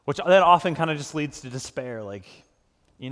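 A man in his thirties, a pastor giving a sermon in a conversational, self-deprecating storytelling way, his delivery swinging between hushed prayer and animated anecdote. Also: medium pitch, a little fast. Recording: long reverb of a large hall.

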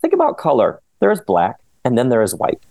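A man's voice: medium pitch, huge pitch swings, dark tone. A man reading as an odd squat little man lecturing. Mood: emphatic lecturing. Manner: slow, insistent, lecturing.

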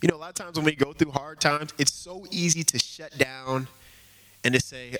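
A man's voice: fairly high pitch, normal speed, fairly bright tone, low-quality recording. A man preaching an informal sermon, earnest and conversational, often slipping in casual fillers as he talks.

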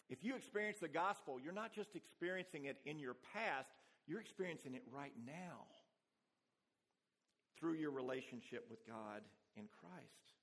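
Male pastor, earnest church sermon, a bit higher voice, leans on repeated phrases. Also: fairly bright tone.

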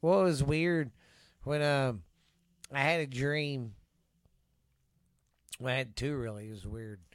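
Texan man, middle-pitched, rambling cussing storyteller on a close, dry mic. Podcast host. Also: takes it slowly, clean tone, no room sound. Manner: rambling storyteller, swears freely, trails off with fillers. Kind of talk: casual podcast chat.

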